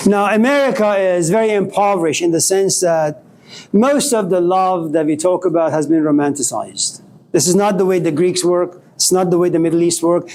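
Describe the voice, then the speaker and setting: Animated high-voiced man lecturing. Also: slight background noise. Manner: animated storytelling, acts out quoted voices. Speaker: philosophy lecturer. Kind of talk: classroom lecture.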